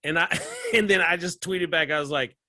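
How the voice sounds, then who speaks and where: A male comedian telling stories as a guest in a casual interview, animated and laughing often. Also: fairly high pitch, moderate pace, dry recording.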